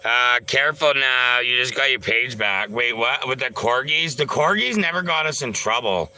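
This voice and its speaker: A Canadian livestreamer chats casually, answering viewers in a loose, rambling way with lots of filler sounds and some swearing. His medium-pitched voice has lively intonation at a normal speed and sounds pushed and bright, on a rough recording.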